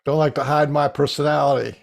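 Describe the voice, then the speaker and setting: A man's voice: fairly high pitch, little pitch movement, a little fast, gravelly. A man in a casual chat, dropping short wry remarks.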